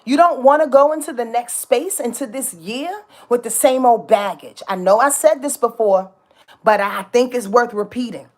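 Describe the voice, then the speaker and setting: A woman giving a casual astrology talk, passionate and dramatic, emphatic and repetitive, with slang and swearing. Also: high-pitched. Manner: profane and slangy.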